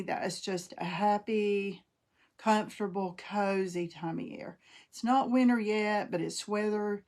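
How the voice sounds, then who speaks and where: A woman's voice: mid-range voice, vocal fry, darkish tone. Folksy woman chatting while crafting. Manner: folksy, talks to viewers by name while working. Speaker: craft livestream host.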